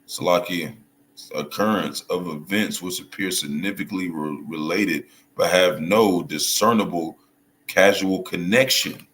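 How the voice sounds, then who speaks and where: A man giving casual video commentary as a religious commentator, halting and hunting for words, often checking in with his listeners. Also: sits low, fairly bright tone. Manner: halting, restarts and hunts for words, checks in with "right?" and "you see?". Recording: echoey room with faint noise.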